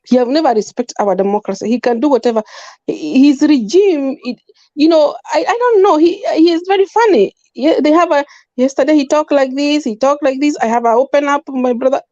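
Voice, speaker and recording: Kenyan woman, panel guest, high and fervent, repeats her points; dry, dull lo-fi audio. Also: brisk, dark tone, no room sound. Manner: emphatic, repetitive, mixes in Swahili. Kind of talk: impassioned political opinion.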